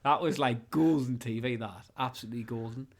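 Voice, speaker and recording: A man of middle pitch co-hosts a comedy podcast. He banters casually, swears freely and laughs at his own jokes. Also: brisk. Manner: joking, sweary, laughs often. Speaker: podcast co-host.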